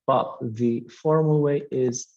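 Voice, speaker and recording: A man's voice: medium pitch, fairly even intonation, slow pace, darkish tone, highs cut off. A man teaching an English lesson, explaining patiently and repeating key words with frequent "okay" fillers. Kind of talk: classroom explanation.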